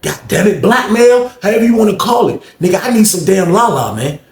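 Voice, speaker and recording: A man's voice: sits high, sing-song, fairly quick. A man telling a story from his own life in a blunt, profane, casual way. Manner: profane, blunt street talk. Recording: echoey room.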